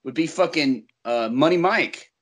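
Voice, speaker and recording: A man's voice: fairly high pitch, lively intonation, unhurried, fairly bright tone. A man joking in casual banter with friends, laughing at his own ideas.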